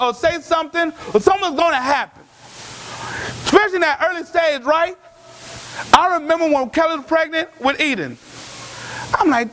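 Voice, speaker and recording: A man preaching a sermon in a lively, emphatic way, sometimes shouting his points. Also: very high voice, slight background noise.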